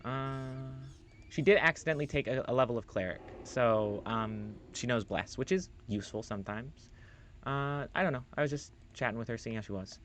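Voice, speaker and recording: A man's voice: medium pitch, moderate pace, a bit bright, slight background noise. A man streaming a role-playing game, rambling loosely through his commentary, swearing casually and reading the on-screen text aloud.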